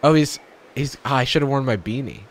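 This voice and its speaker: A man's voice: medium pitch, fairly quick, slight background noise. A man hosting a live stream, chatting casually and jokingly while playing a game. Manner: chatty and jokey, lots of fillers. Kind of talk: casual gameplay commentary.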